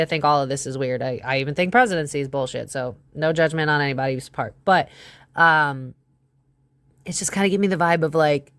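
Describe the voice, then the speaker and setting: A woman's voice: lowish voice, fairly bright tone, dry recording. A woman giving a casual tarot reading to her viewers, chatty, exclaiming and blunt, with the odd swear. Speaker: psychic tarot reader.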